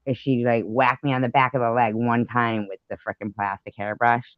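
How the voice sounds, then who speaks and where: A man's voice: medium pitch, flat delivery, fairly quick, no echo. Guy rambling thru a story on a stream, swears a bit, muffled lo-fi mic. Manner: rambling, swears, many fillers. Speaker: live stream host. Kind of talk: casual chat, storytelling.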